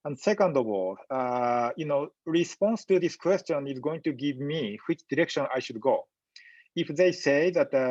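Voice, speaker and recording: A man giving a medical lecture in a webinar, speaking in a halting, measured way with frequent pauses and fillers. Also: fairly high pitch, expressive, a little mellow, dry recording, highs cut off. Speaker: physician lecturer.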